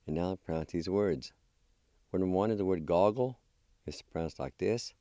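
A man's voice: sits low, moderate pace, dark tone, dry recording. A man teaching a spelling and pronunciation lesson, patiently sounding out syllables one at a time and encouraging his learners. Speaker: language teacher.

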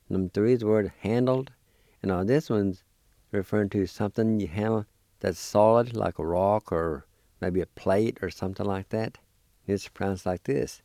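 A man teaching vocabulary, spelling and sounding out each word slowly and patiently, repeating it for learners. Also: on the low side, mellow, no echo, studio quality. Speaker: language teacher. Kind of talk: slow spelling and pronunciation drill.

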